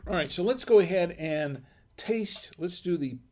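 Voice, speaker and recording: A man hosting a live-stream wine tasting, chatting casually in a rambling, halting way with self-deprecating humor. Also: high voice, animated.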